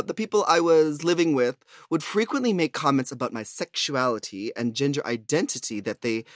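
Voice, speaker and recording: A male podcast co-host with a lively voice that swings widely up and down in pitch. He talks in a playful, animated way and swears freely. The sound is close and dry, with no room echo. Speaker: reads listener emails aloud. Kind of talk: casual podcast chat.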